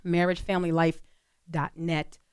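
A woman's voice: on the low side, flat delivery, normal speed, clear, resonant tone, no room sound, clean studio sound. Earnest, chatty woman radio co-host. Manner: chatty, earnest, with many fillers and laughs. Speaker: radio talk show co-host. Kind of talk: casual talk radio chat.

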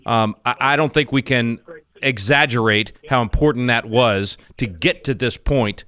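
A man's voice: mid-range voice, normal speed, fairly bright tone, clean tone. A man co-hosting a talk radio show, upbeat and jokey, with frequent restarts. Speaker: radio co-host. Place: home radio studio.

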